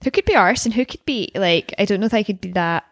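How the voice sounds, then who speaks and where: A woman's voice: mid-range voice, expressive, fast talker, no room sound, studio quality. A young woman co-hosting a podcast, chatting casually about a TV episode, swearing freely and acting out lines. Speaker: podcast co-host. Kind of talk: casual chat recapping a TV episode.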